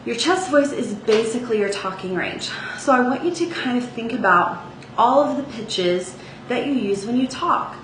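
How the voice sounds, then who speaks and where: A woman's voice: fairly high pitch, expressive, moderate pace. A woman teaching a singing lesson, speaking casually with sung demonstrations and frequent "okay?" check-ins. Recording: echoey room with faint ambient noise.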